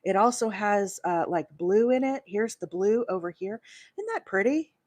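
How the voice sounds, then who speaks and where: A woman's voice: mid-range voice, expressive, moderate pace, darkish tone, no echo. A woman from Alabama hosting a live crochet tutorial, talking casually and poking fun at herself, with plenty of fillers and asides to viewers. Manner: chatty and self-deprecating, with many fillers and asides to viewers. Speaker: crochet livestream host.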